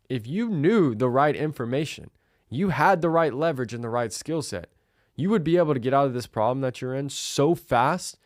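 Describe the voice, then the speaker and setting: A man's voice: medium pitch, no echo, clean studio sound. A man hosting a solo podcast, telling a story in a direct, emphatic way. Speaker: podcast host.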